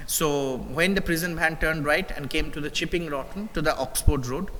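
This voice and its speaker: A man with a slightly high, somewhat bright voice and an Indian English accent teaches a live English literature class at normal speed. He reads a story aloud and then explains it, often repeating himself and using fillers. The low-quality recording sounds like it was made in a large hall.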